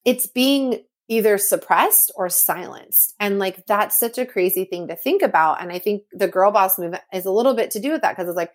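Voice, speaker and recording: A woman's voice: mid-range voice, fairly quick, hardly any pauses. A woman in her thirties from California, chatting as a podcast guest, full of "like" and acting out her own quotes in a raised voice. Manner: chatty, heavy use of "like", acts out quotes in a raised voice. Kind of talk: casual conversational interview.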